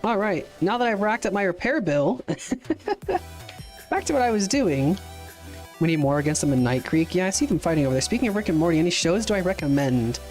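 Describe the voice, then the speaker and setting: A man's voice: high-pitched, animated, quick pace, darkish tone, faint music behind. A man streaming a game, chatting loosely with viewers, rambling and swearing casually as he answers their questions. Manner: answers viewer chat questions as they come. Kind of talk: casual chat while playing a game.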